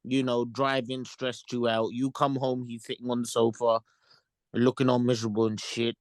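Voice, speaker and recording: A man's voice: mid-range voice, level tone, moderate pace, no room sound. Podcast co-host, man, mid-range voice, challenging, slangy, dry sound. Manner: challenging, lays out hypotheticals in street slang. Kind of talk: casual group chat.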